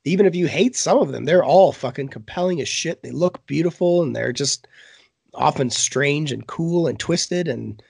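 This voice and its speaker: A man with a cold and a hoarse voice, co-hosting a chat and talking bluntly, with plenty of swearing. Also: a little high, normal speed, a little mellow, no echo. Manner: swears a lot, loose and blunt. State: sick, hoarse. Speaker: podcast co-host. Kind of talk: casual chat.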